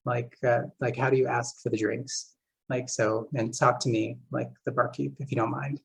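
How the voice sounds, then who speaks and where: A man's voice: mid-range voice, little pitch movement, normal speed, gravelly, husky, poor audio. A man who runs therapy groups as a game master, giving a casual seminar talk full of "like" and "uh" fillers. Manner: casual, filler-heavy, many "like" and "uh". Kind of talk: seminar lecture.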